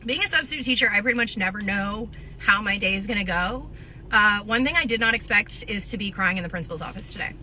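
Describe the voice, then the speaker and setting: A woman's voice: medium pitch, fast, sharp tone, a little hiss or hum. A woman who works as a substitute teacher, earnestly recounting her day in a chatty vlog. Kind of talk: casual vlog monologue.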